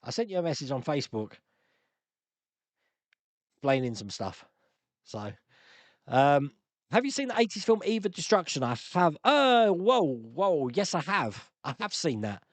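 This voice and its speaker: Lively chatty man hosting a live stream. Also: on the high side, unhurried, long pauses, no room sound. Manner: chatty, laughs often, answers viewer comments aloud. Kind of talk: casual live-stream Q&A chat.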